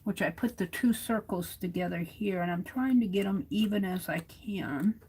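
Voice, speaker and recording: Hosting a craft livestream, this American woman speaks at normal speed in a mid-range voice with a darkish, slightly breathy tone. She's chatty, talking to herself and her viewers as she works by hand and sometimes moving off the mic.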